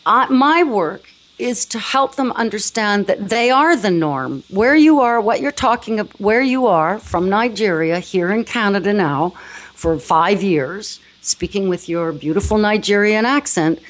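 A woman's voice: medium pitch, expressive, measured pace. A woman with a North American accent, a speech coach explaining her work earnestly in an interview. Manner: earnest, explanatory, with frequent restarts. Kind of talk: interview conversation.

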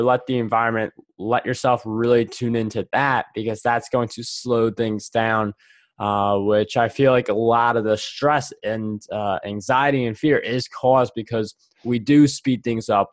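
A man's voice: medium pitch, no echo. A man hosting a podcast, talking in a loose, reflective way with many fillers. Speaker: podcast host. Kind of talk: casual podcast conversation.

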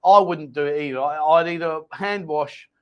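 High pitched bloke hosting a live chat show, jokey and teasing. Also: male voice, clean tone, lo-fi sound. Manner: jokey, teasing, quick laughs. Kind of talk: casual banter reading viewer comments. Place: Pattaya, Thailand.

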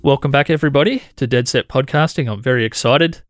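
A man's voice: mid-range voice, fast, faint music behind. An Australian man hosting a podcast, welcoming and questioning his guest in an easygoing, chatty way. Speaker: podcast host. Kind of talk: casual conversational interview.

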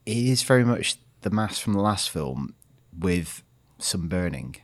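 A man's voice: low voice, big pitch swings, unhurried. A man, co-hosting a casual film review chat, who analyses scenes and steers the discussion. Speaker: podcast co-host.

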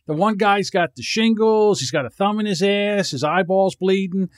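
A man's voice: high voice, normal speed, no room sound, studio quality. A man co-hosting a podcast, rambling and swearing freely, often laughing. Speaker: podcast co-host. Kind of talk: casual podcast banter.

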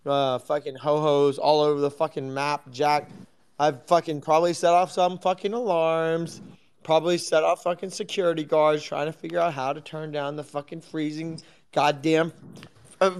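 A young man hosting a live audio chat room, rambling casually, swearing constantly and teasing a sleeping friend. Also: a little high. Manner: profane, teasing, laughing fits.

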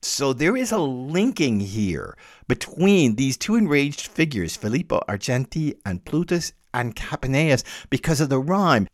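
A man hosting a podcast, giving a lecture-style close reading with lively emphasis and wry laughs. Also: medium pitch, a little slow, dry recording. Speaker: podcast host and literature teacher.

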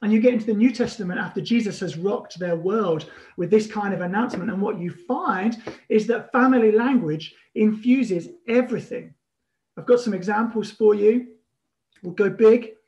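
High-voiced pastor preaching. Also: male voice. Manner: animated, storytelling with emphatic pauses. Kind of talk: sermon.

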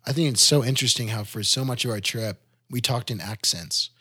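A man's voice: medium pitch, fairly quick, bright, forceful tone, slightly rough, dry recording, clean studio sound. A young man chatting casually about a trip with a friend, easygoing and agreeable with lots of fillers. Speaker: expedition member. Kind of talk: casual podcast chat.

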